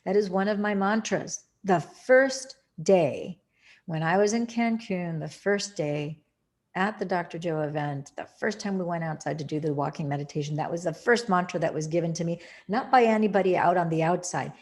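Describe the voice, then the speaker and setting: Woman, meditation teacher, slightly low voice, slow soothing delivery with earnest emphasis. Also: darkish tone. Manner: slow, soothing, drawn-out phrasing. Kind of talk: guided meditation and spiritual talk.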